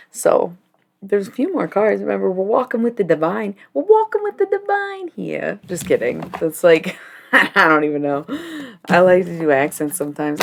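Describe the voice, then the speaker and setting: A woman's voice: sits low, vocal fry, a little hiss or hum. A young adult woman chatting casually on a livestream while reading cards, rambling, giggly and swearing freely.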